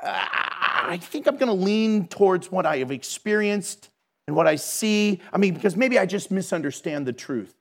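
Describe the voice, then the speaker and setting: A middle-aged man giving a storytelling sermon in a lively, conversational way, laughing at himself. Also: high-pitched, moderate pace. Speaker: Christian speaker.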